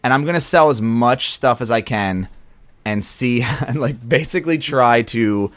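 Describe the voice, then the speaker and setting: A man's voice: mid-range voice, measured pace, fairly bright tone, dry recording. A young man, co-hosting a podcast in casual, rambling chat, often stopping and restarting his sentences. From Philadelphia area. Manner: rambling, self-interrupting, easygoing. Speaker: podcast co-host.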